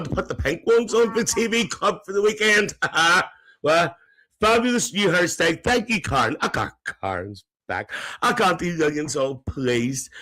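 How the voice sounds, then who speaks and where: A man's voice: on the high side, pushed and bright, exaggerated voice, rough recording. A man playing a gossipy, cheeky older auntie who hosts a live comedy stream, chatting and teasing the viewers and laughing between lines.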